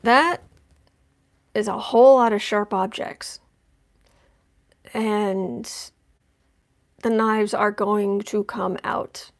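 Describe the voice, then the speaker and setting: A woman's voice: mid-range voice, steady tone, drawn-out words, long pauses. A woman giving a chatty live-stream tarot reading, making wry asides as she lays out cards. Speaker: tarot reader.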